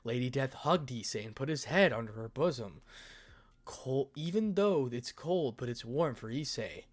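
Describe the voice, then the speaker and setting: Man narrating a fan story. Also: mid-range voice. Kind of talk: amateur fan fiction read-aloud.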